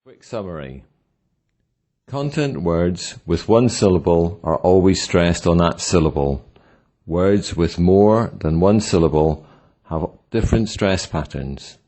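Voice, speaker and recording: A man narrating a scripted pronunciation lesson, slowly and deliberately sounding out example words. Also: low voice, lively intonation, dark tone. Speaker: pronunciation teacher.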